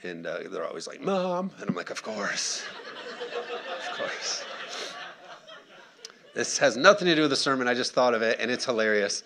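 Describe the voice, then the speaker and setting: A pastor in his thirties preaching a sermon, animated and conversational, acting out quotes and asking the congregation for responses. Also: mid-range voice, very fast, creaky, few pauses, a crowd in the background.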